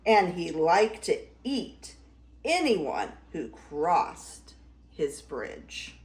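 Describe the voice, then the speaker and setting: An older woman reads a fairy tale aloud in a very slow, lively, sing-song way, her voice a touch high. The room gives it a roomy echo. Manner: expressive, slow dramatic reading. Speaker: grandmother storyteller.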